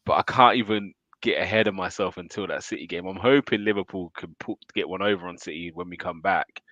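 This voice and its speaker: A man hosts a casual football chat, relaxed and curious as he puts questions to his co-host. His voice is very deep and recorded close and dry. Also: fairly quick, no room sound, lo-fi sound. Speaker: football fan show host. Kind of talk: casual match reaction chat.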